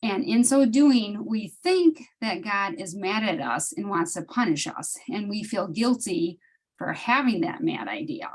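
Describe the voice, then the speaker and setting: A woman's voice: mid-range voice, lively intonation, measured pace, breathy edge, poor audio. Chatty woman sharing on a group call. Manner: chatty, many restarts and laughs. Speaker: study group member. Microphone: video call.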